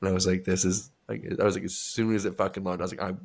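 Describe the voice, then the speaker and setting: A man co-hosting a podcast in casual chat, telling animated stories with lots of swearing and bursts of laughter. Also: deep voice, very fast, gravelly. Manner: animated storytelling, heavy swearing, loud laughing outbursts. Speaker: podcast co-host.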